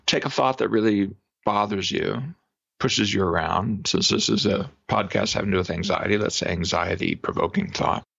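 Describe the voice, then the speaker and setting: A man, a psychologist guest on a podcast interview, explaining exercises in an animated way and demonstrating them aloud. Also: on the low side, creaky, husky. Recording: dull lo-fi remote audio.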